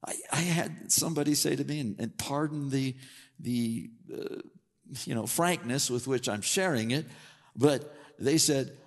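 A male preacher delivers a sermon with a gravelly, fry-edged voice. He talks conversationally and animatedly and asks his listeners question after question. His voice rings through a church space with a long echo. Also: mid-range voice, unhurried. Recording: long hall reverb.

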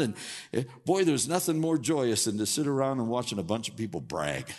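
A man preaching a sermon in an animated, conversational way, full of rhetorical questions. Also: medium pitch, a little fast. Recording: long hall reverb.

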